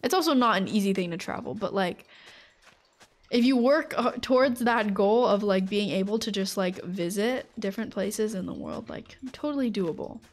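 A woman's voice: medium pitch, moderate pace. A woman streaming a game live, chatting casually and rambling, with lots of fillers and frequent laughter. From United States.

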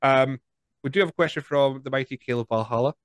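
A man's voice: mid-range voice, quick pace, dry recording. A man hosting a podcast over a video call, chatting easily and rambling a little with restarts. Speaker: podcast host. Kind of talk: casual interview chat.

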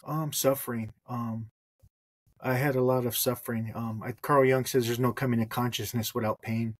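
A man's voice: mid-range voice, flat delivery, normal speed, dry recording. A man hosting a podcast, speaking reflectively and hesitantly, with many ums. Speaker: podcast host. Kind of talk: podcast conversation.

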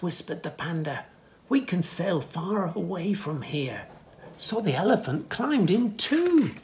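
Man reading a kids' storybook, slow unhurried pace, gravelly edge, soft asides. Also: on the high side, animated, a little hiss or hum. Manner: gentle, pointing things out with soft asides; lifts voice for animal speech without distinct characters. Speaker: children's story reader. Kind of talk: reading a picture book aloud to children.

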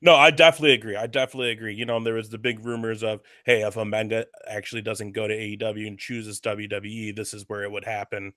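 A man's voice: fairly low pitch, completely flat delivery, fairly quick, hardly any pauses, a bit bright, no room sound, studio quality. A man co-hosting a casual wrestling talk show, giving his opinions on recent news. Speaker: podcast co-host. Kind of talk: casual chat, wrestling commentary.

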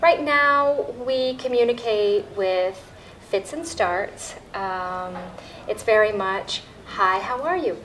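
A woman's voice: medium pitch, lively intonation, slow, a bit bright, slight background noise. A woman playing a prison inmate in a sketch comedy monologue, chirpy and overly polite.

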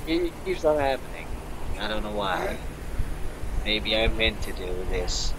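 A man's voice: mid-range voice, lively intonation, takes it slowly, a crowd in the background, poor audio. A man joking crudely on a casual voice call, playing with his cracking voice. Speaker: caller.

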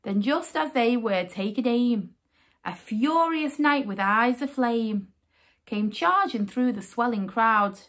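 Reading a rhyming picture book for children, this female storyteller uses a slightly high voice at a slow pace, her delivery expressive and sing-song.

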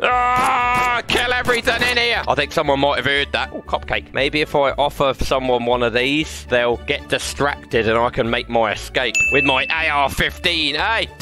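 A young man giving rowdy, joking gameplay commentary, shouting and laughing a lot. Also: fairly high pitch, normal speed, few pauses, music in the background. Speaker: gaming YouTuber.

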